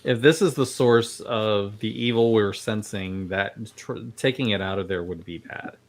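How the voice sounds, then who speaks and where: A man playing a tabletop game, speaking in a cautious, measured way. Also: on the low side. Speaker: player. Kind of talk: casual chat at a tabletop game.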